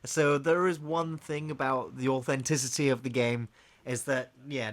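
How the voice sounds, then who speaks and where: A man co-hosts a game review show, laying out background facts in a steady, informative way with a few hesitations. His voice sits at an ordinary pitch, and a faint noise hums under the recording. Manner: measured, informative, with hesitations and restarts. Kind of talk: casual review chat.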